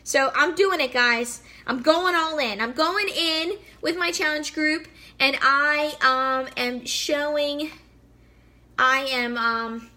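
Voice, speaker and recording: A woman's voice: high voice, takes it slowly, sharp tone. A woman in her thirties chatting casually and bubbly while cooking in her home kitchen, full of fillers. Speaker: fitness vlogger. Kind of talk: casual live cooking chat.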